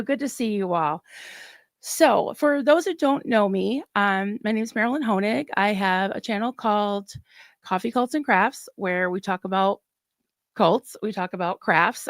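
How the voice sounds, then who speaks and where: A woman's voice: medium pitch, moderate pace, no room sound. Chatty emotional woman hosting a livestream. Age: middle-aged. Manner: warm, emotional, chatty with laughs. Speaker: livestream host. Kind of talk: casual livestream chat.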